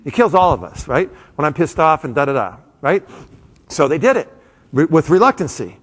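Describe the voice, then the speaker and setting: A man giving a live, comedic motivational talk to an audience, animated and full of quick asides to the crowd. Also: a little high. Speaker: motivational speaker. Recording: long hall reverb.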